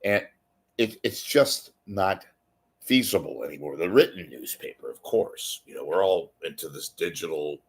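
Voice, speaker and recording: Low voiced guy rambling on a live stream, jokey, swears a lot, says hi to viewers. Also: slightly rough. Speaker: livestream host. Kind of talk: casual rambling monologue to a live chat.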